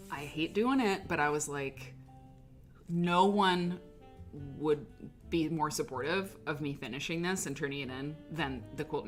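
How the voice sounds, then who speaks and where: A woman hosting a live stream in casual chat, rambling and laughing as she talks, with lots of "like" as filler. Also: low voice. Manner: rambling, chatty, full of "like" and laughter. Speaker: livestream host.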